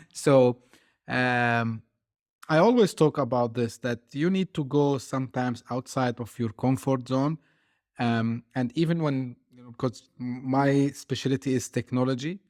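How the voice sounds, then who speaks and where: Hesitant male podcast host. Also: medium pitch. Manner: hesitant, many fillers and restarts. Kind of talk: casual interview chat.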